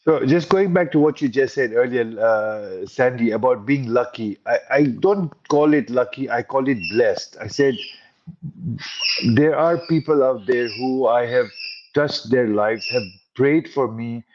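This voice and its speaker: A man's voice: mid-range voice, unhurried, highs cut off, noisy background. Earnest middle-aged man telling his story. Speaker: guest.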